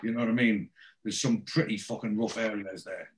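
A man from South Shields in northeast England co-hosts a podcast, casually chatting and recapping a TV episode. He animatedly retells the scenes, acting out lines and swearing freely and often. His voice is fairly low and a little fast, with slight background noise.

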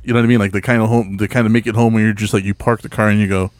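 A man's voice: fairly low pitch, little pitch movement, racing, darkish tone, dry recording. Swearing guy retelling a drunk night. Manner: profane, repeats himself, acts out voices. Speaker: podcast co-host. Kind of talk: casual storytelling chat.

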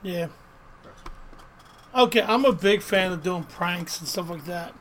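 High-voiced eager male podcast host. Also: unhurried, fairly bright tone. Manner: eager fan, laughs easily, chatty questions. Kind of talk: casual podcast interview.

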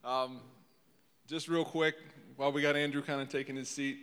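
In a reverberant church sanctuary, a male guest speaker opens a sermon into a handheld microphone before the congregation. His mid-range voice holds a level tone at normal speed as he rambles, tearful and self-deprecating, while staying warm toward the crowd.

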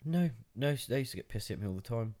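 A man's voice: medium pitch, lively intonation, quick pace, dark tone. A young English man co-hosting a casual podcast, teasing and swearing freely in banter. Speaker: podcast co-host.

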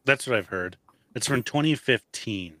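A man's voice: mid-range voice, lively intonation, moderate pace, sharp tone, dry recording. A man co-hosting a movie review podcast, chatting casually with dry teasing and frequent chuckles. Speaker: podcast co-host.

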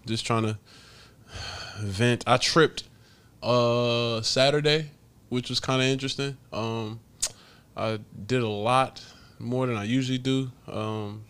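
A man's voice: medium pitch, a bit bright. Laughing, swearing man telling stories. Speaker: podcast host. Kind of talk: casual storytelling.

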